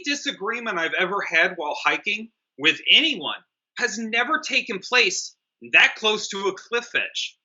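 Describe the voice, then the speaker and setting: A man co-hosting a casual comedic movie review, animated and jokey, swearing freely and acting out the characters. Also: high voice, measured pace, lo-fi sound. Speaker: film review podcast co-host.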